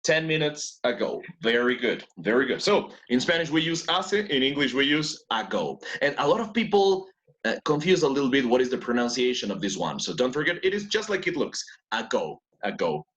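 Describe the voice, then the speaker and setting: A man's voice: medium pitch, sing-song, brisk, fairly bright tone, muffled recording. A man teaching an English class who praises students often, repeats their answers and switches between English and Spanish.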